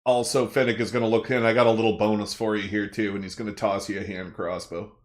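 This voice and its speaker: A man playing a tabletop game, relaxed and a little hesitant in his speech. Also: fairly low pitch, fast talker. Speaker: player. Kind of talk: casual tabletop role-play.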